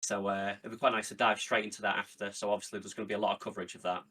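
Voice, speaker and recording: A man's voice: on the low side, rapid-fire, slightly rough, distant mic. Male podcast guest, easygoing and full of fillers, heard from away from the mic. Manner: relaxed, filler-heavy. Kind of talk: casual podcast chat.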